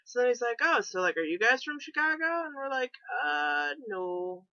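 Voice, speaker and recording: A woman's voice: high-pitched, expressive, moderate pace, gravelly, bright, forceful tone, no echo, highs cut off. A young woman from New England telling a road trip story in a chatty, sarcastic vlog. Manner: chatty, sarcastic, many fillers.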